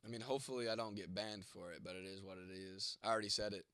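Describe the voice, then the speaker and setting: A man's voice: fairly low pitch, fairly even intonation, quick pace, pushed and bright, clear, resonant tone, no echo. Man, late twenties, stuffy nose, fading voice, blunt, swears a lot, late-night stream chat, dry sound. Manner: blunt and heavily profane. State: congested, losing his voice. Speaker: content creator. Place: home at night.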